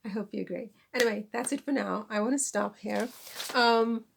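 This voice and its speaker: Woman, casual vlog chat, self-deprecating, laughs at herself, gravelly. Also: on the high side, normal speed, background noise. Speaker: vlogger and author. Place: lives in France.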